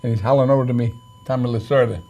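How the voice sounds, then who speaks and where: A man's voice: mid-range voice, fairly even intonation, rapid-fire, a little mellow, dull audio. An older man, a boxing trainer and manager, telling long rambling stories in an interview, with many fillers and restarts. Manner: rambling, full of fillers and restarts, acts out quoted lines. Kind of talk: storytelling in an interview.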